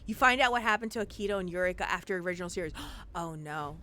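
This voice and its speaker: A woman's voice: on the low side, animated, quick pace, sharp tone. A woman streamer chatting casually and exclaiming often as she plays an online game, with faint game music behind. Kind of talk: casual gameplay commentary.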